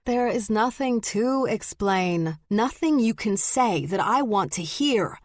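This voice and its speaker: A hostile woman snaps short, forceful lines, voiced by a female audiobook narrator. The recording is dry and close. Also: lowish voice, steady tone, drawn-out words, no room sound, heavily acted. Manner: curt and hostile. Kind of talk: audiobook character voice.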